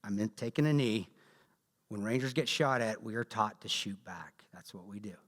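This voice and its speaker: A man with a Southern drawl, speaking as guest speaker and telling his story to a church audience in a blunt, joking, animated way. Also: lowish voice, moderate pace. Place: large church hall. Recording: long echo of a large church hall.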